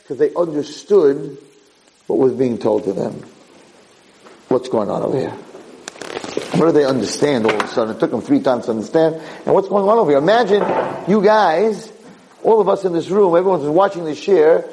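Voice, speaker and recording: Animated male Torah teacher. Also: a little high, low-quality recording. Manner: animated, swings from loud exclamations to quiet asides, repeats words when restarting. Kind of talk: lively Torah class to a live group. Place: room with listeners.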